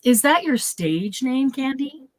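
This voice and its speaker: Cheery lady hosting a craft livestream, kinda high pitched, keeps laughing and saying hi to people. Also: lively intonation, takes it slowly. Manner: bubbly, laughs often, greets viewers by name. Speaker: craft show host. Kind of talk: casual livestream chat.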